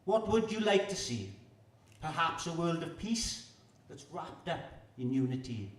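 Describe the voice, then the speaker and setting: A man's voice: on the high side, big pitch swings, a little slow. A man from Wales, performing his own rhyming poems aloud. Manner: rhythmic rhyming recitation. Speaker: performance poet. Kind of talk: poetry performance. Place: live venue with audience. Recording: echoey room, distant mic.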